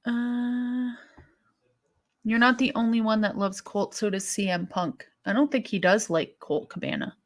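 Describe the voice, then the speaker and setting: A woman's voice: on the high side, a little slow. A woman co-hosting a wrestling live stream, chatting casually and thinking aloud with sighs and restarts as she reacts to viewer comments.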